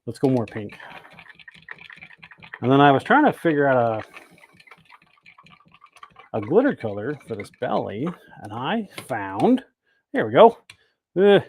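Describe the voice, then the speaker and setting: A man talks casually into a camera mic at a workbench, walking through each step as he goes. His pitch sits in an ordinary middle range. Faint clicks and typing can be heard behind him. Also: a little mellow, a little hiss or hum. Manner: chatty, greets viewers by name between steps. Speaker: host of a bait-making livestream. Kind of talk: casual livestream demo talk. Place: indoor workshop.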